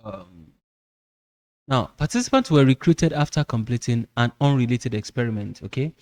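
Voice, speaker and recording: Mellow-voiced man teaching psychology. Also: medium pitch, expressive, normal speed. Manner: repeats words and checks in with "okay?". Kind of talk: lecture explanation.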